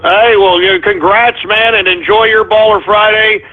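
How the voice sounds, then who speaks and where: A man's voice: sits high, fairly even intonation, moderate pace. A man hosting a call-in radio show, agitated and swearing, a little out of breath. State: winded. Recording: phone-like narrow audio.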